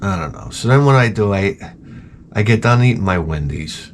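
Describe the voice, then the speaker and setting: A man's voice: fairly low pitch, expressive, normal speed, a little hiss or hum. A man hosting a show, rambling through crude comedic chat and trailing off into mumbled asides. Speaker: show host.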